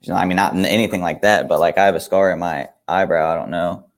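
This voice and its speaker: A man's voice: low-pitched, steady tone, fast. A young man co-hosting a talk show, chatting casually in a hesitant way full of fillers. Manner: easygoing, hesitant, with many fillers. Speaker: co-host. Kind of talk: casual chat.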